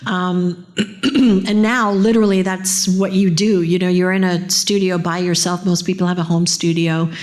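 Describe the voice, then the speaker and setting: A woman's voice: lowish voice, little pitch movement, normal speed, a little mellow. A middle-aged woman, a voice actress, talking casually and eagerly at a convention panel, often drifting into tangents. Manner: chatty, enthusiastic, wanders into tangents.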